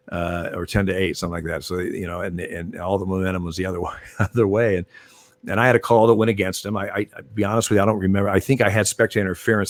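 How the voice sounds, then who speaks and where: Older man, lowish voice, dry sound, rambling anecdotes, lots of fillers. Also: no room sound. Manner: rambling, many restarts and fillers. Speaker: retired baseball umpire, guest. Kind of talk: casual interview storytelling.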